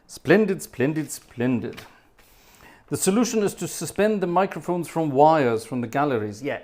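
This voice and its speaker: Chatty man in his fifties, rambling. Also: mid-range voice. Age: 50s. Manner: chatty, rambling, with wry asides. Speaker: livestream host and organist. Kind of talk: casual chat reading out viewer messages.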